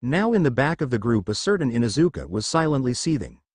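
A man reading a fan fiction story aloud as its narrator, with animated storytelling. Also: mid-range voice, fast, dry recording, clean studio sound.

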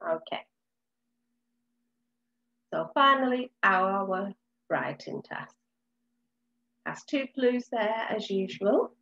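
A woman teaching a recorded phonics lesson to young children, sounding out words slowly and clearly. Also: medium pitch, lively intonation, fairly bright tone, highs cut off. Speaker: reception class teacher.

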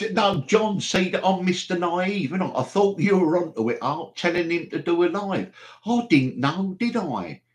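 A man's voice: high-pitched, lively intonation, unhurried. A man hosting a live stream, rambling and chatty, with mock exasperation. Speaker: livestream host.

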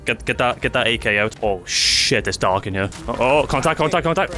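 A man hosting a co-op gaming video, excitable and joking, swearing often as he plays. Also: medium pitch, brisk. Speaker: gaming channel host. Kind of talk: casual co-op gaming banter. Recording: game music behind.

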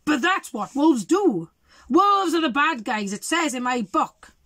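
A woman reading aloud puts on a sly storybook wolf who sneers his lines, pitched a touch high. He is scheming and smug, then turns puzzled, in a dry, close-sounding room. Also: very animated, a little slow, fairly bright tone, no echo, heavily acted.

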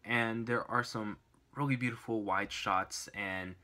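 A man's voice: lowish voice, steady tone, measured pace, pushed and bright. A young man giving a casual, enthusiastic movie review, rambling with fillers and restarts.

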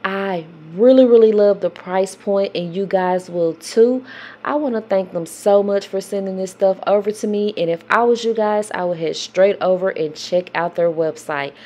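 A woman's voice: mid-range voice, moderate pace, warm tone. A woman, chatting emotionally to her viewers in a casual vlog. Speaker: vlogger, mother.

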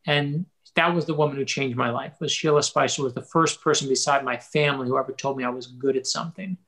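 A novelist telling a personal anecdote in an animated way, acting out the dialogue. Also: male voice, mid-range voice, quick pace. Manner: animated, acts out quoted dialogue. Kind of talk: anecdotal storytelling.

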